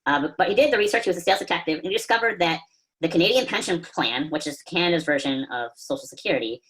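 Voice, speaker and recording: A man's voice: on the high side, lively intonation, fast, pushed and bright, low-quality recording. A man teaching as a guest instructor over a video call, conversational and storytelling, with fillers and the odd swear word. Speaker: copy chief and guest instructor. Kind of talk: casual teaching talk.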